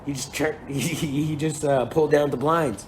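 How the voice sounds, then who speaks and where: A man's voice: on the high side, steady tone, normal speed, noisy background, pitched above the performer's own voice, natural voice. A man voicing the spirits as laid-back male helpers who talk in an offhand, slangy way. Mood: unimpressed.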